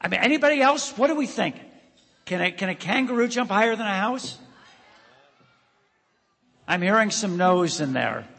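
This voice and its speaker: A man's voice: high-pitched, expressive, normal speed, vocal fry, long pauses, fairly bright tone. A man hosting an awards ceremony, telling a playful joke story to a live audience in a large hall. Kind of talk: joking emcee remarks to an audience. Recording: reverberant hall sound.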